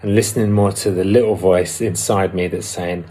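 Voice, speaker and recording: Husky-voiced man talking candidly. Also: deep voice, steady tone, moderate pace, warm tone. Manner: candid and reflective, with some hesitations. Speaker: recovery vlogger. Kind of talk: personal talk on a twelve-step program.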